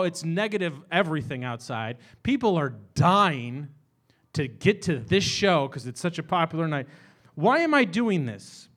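Middle-aged guy hosting a bar comedy show, high voice, rambles and rants at the crowd. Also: a bit bright. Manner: rambling, self-deprecating, rising into exasperated rants. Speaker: host. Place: small bar venue with live audience.

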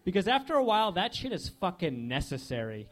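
Young man doing deadpan stand-up. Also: sits high, brisk. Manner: deadpan one-liners with lots of filler "like". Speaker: stand-up comedian. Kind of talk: stand-up set. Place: comedy club stage.

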